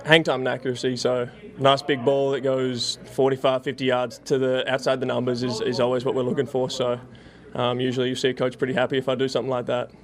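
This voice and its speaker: A young man from Australia with an Australian accent, a football punter being interviewed, who talks haltingly with many fillers. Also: medium pitch, completely flat delivery, a crowd in the background. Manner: halting, lots of fillers and restarts.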